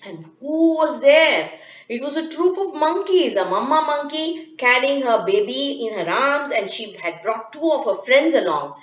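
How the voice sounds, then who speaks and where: A woman reading a children's story in an expressive, dramatic way. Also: high voice, a little slow. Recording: echoey, dull lo-fi room.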